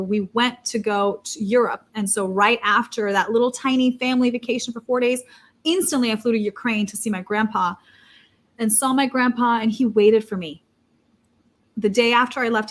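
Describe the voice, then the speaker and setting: A young adult woman telling a personal story in casual conversation, animated and full of restarts and repeated words. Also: mid-range voice. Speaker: interviewee.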